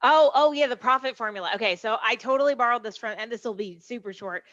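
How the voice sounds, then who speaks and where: A woman sales trainer explaining her methods in a brisk, confident manner during a casual online conversation. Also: on the high side, fairly bright tone, no echo. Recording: dull dry lo-fi call audio.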